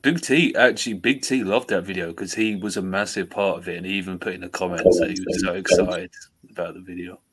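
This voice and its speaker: Very deep-voiced man telling a story. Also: steady tone, fairly quick, hardly any pauses, fairly bright tone, husky, poor audio. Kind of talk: casual stream chat.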